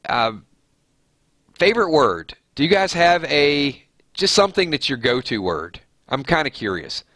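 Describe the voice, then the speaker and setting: A man's voice: on the high side, sing-song, a little slow, a bit bright, dry recording, clean studio sound. Chatty nasal man hosting a live stream. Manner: chatty, laughs easily, thinks aloud. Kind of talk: casual live-stream chat reading viewer comments.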